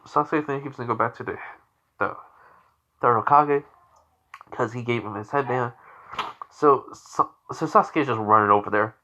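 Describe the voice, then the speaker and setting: A man's voice: mid-range voice, bright, forceful tone, highs cut off. A tired young man tells a fan-made story on the fly, rambling and restarting as he goes. He sighs often between thoughts. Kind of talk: improvised fan-fiction narration.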